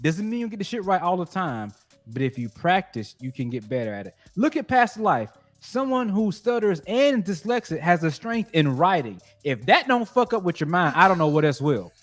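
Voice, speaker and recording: A man's voice: high-pitched, sing-song, moderate pace, soft background music. A man co-hosting a casual podcast chat, talking bluntly with plenty of profanity. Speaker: podcast co-host.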